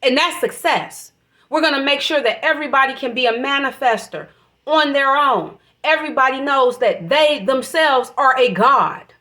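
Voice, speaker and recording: A woman's voice: high-pitched, expressive, moderate pace, sharp tone. A woman giving an emotional, preachy spiritual monologue, swearing freely as she talks. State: emotional, voice catching. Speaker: vlogger.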